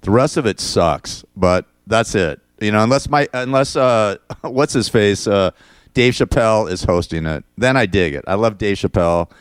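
A man's voice: lowish voice, moderate pace, smooth, dry recording, clean studio sound. A middle-aged man hosting his own show, venting in a rambling, crude, casual monologue full of restarts and "man". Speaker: podcast host.

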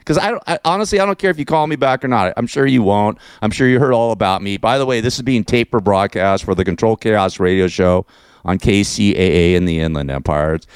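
A man's voice: lowish voice, brisk, clear, resonant tone, no room sound, clean studio sound. A middle-aged man hosting a radio show, ranting sarcastically and rambling between laughs.

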